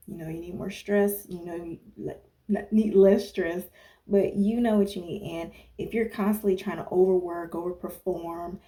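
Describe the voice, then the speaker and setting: A woman wellness coach talks straight to the camera in a loose, chatty advice style. Her voice is mellow and warm. She keeps checking in with "okay?" and drifts into asides. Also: lowish voice. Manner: chatty, tags points with "okay?", digresses and laughs at herself. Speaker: wellness coach and former personal trainer. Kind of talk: casual talking-head advice monologue.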